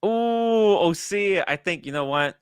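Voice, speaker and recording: Man, livestream host, excitable chat, crisp smooth voice, slightly high, dry close mic. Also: no echo. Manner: excitable, animated, quick asides to chat. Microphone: studio microphone.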